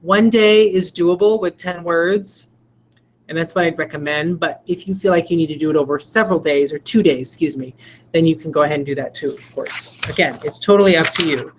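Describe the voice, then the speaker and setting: A woman with a low voice leads other teachers through a spelling lesson in a relaxed, explanatory way. She breaks words into single sounds and letters as she goes, and faint room ambience sits behind her. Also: fairly quick, a little hiss or hum, rough recording. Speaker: teacher trainer. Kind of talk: casual instructional walkthrough.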